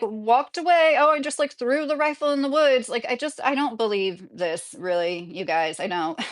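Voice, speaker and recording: A woman giving casual live-stream commentary, rambling with frequent apologies and laughing asides. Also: fairly high pitch. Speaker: livestreamer.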